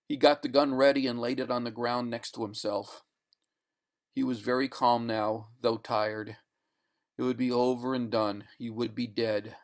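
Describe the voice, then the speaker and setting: A man reading a short story aloud in a deliberate, expressive narration. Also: medium pitch. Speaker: reader. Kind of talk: audiobook narration.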